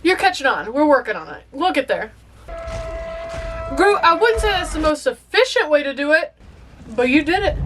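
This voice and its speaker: A young woman giving excitable, emotional first-time commentary on a movie as she watches, talking back to the screen. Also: high voice, normal speed, pauses often, noisy background. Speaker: movie reaction host.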